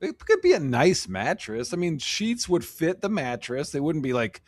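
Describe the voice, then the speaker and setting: A man on a casual comedy podcast, quick to play along and riff on the jokes. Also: on the high side, wildly swooping pitch, no room sound.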